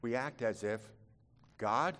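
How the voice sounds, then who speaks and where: A male pastor delivering a sermon in a mid-pitched voice. He drops to a low, hushed register, then climbs to loud, high-pitched fervor. Words tumble and repeat when he is moved. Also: moderate pace. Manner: swings from quiet, low confiding talk to loud, high impassioned preaching.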